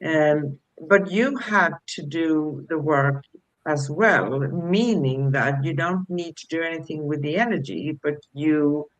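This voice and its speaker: A woman's voice: low-pitched, poor audio. A woman co-hosting a casual spiritual chat, speaking in an affirming way and often checking in with "right?". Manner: slow, affirming, asks "right?". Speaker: co-host.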